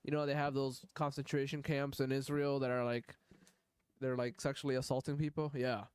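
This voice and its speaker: A man's voice: medium pitch, little pitch movement, a little fast, a little mellow, smooth, no room sound. A man streaming live, reacting to videos in blunt, profane, rambling commentary.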